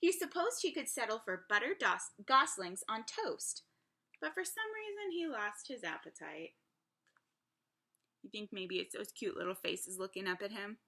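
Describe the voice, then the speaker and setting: Preschool teacher, woman, storytime read-aloud; bright, animated, chatty with kids. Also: mid-range voice, normal speed. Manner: chatty asides to young listeners. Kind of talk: picture-book read-aloud.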